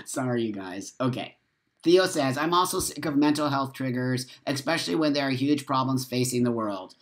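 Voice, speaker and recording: A man's voice: mid-range voice, animated, normal speed. A man hosting a casual live stream, reading viewer comments and answering them in a heated, emphatic way. He swears freely and speaks straight to his viewers, wired on coffee after a poor night's sleep. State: over-caffeinated and short on sleep.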